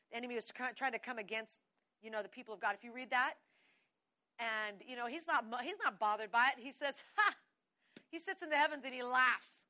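A woman preaching a sermon with exuberance, often breaking into laughter and reading scripture slowly. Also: fairly high pitch, bright, forceful tone.

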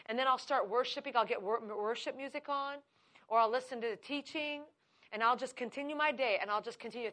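A middle-aged woman preaching with fervent conviction, her delivery rising into firm, declarative prayer. Her voice sits a little high and sounds bright and forceful. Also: quick pace. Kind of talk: sermon.

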